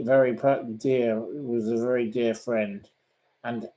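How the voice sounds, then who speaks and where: Brief: man, host, talks slowly and bluntly, fends off questions with indignation. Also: mid-range voice, steady tone, darkish tone, rough recording. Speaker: host answering viewer questions. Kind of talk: casual live-stream chat.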